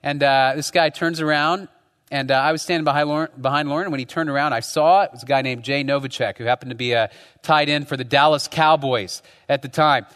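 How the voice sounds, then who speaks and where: A man's voice: a little high, fairly even intonation, fast, a bit bright, smooth, big-room sound. A man preaching a sermon as pastor, talking conversationally and often tagging his points with rhetorical questions. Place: church.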